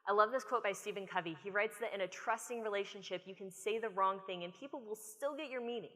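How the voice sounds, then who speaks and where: American woman doing a conference keynote, bright forceful voice, big hall reverb. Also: mid-range voice, fast talker. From United States. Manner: animated storytelling speaker. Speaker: conference speaker.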